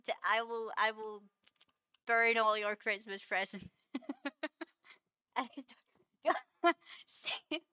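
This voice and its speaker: A woman's voice: on the high side, fairly even intonation, slow, pauses often, bright, forceful tone, smooth, dry recording. A woman streamer chatting casually with her viewers, laughing often and playfully scolding them.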